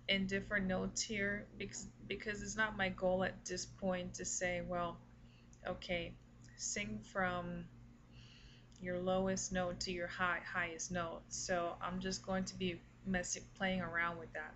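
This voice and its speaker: A woman giving a casual singing lesson, explaining tips slowly and deliberately, breaking off to demonstrate with her voice. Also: on the low side, little pitch movement, highs cut off, noisy background. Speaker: singing teacher.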